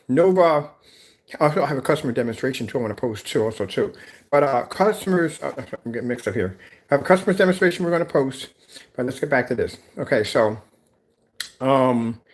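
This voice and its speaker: A tired man rambling about his product in a casual vlog, with many fillers and restarts. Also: medium pitch. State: tired, yawning. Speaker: small business owner presenting a product.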